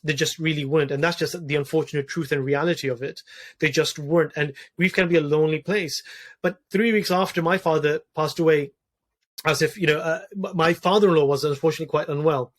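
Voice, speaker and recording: Earnest man, slightly high voice. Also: fairly even intonation, fast. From Wales. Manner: earnest, many restarts and repeated words. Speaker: podcast guest, doctor. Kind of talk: reflective personal conversation.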